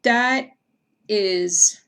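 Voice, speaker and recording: A woman hosting a casual livestream chat, reading viewer comments aloud between bursts of excitement. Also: medium pitch, very slow, clean tone. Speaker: stream host.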